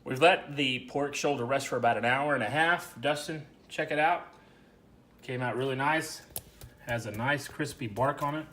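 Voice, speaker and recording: A man's voice: medium pitch, normal speed, pushed and bright, slight background noise. A man hosting a casual cooking video, chatting through each step for the viewer. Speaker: cooking show host. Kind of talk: casual how-to cooking narration.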